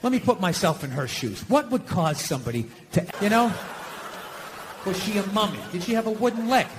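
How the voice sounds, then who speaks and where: A man doing a stand-up comedy routine, ranting with profanity in an exasperated, animated way. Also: high voice, a little fast, noisy background.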